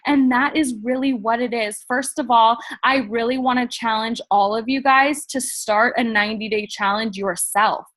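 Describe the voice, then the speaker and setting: Woman sales trainer, bright higher voice, emphatic, coaching the room, dry close sound. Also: steady tone, moderate pace, hardly any pauses, no echo. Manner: upbeat and emphatic, coaching the group directly. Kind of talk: training talk to new distributors.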